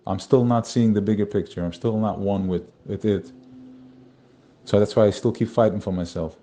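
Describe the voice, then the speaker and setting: Low, mellow-voiced man giving a Torah talk. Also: steady tone, moderate pace. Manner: spiritual, searching, repeats phrases. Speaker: Torah teacher.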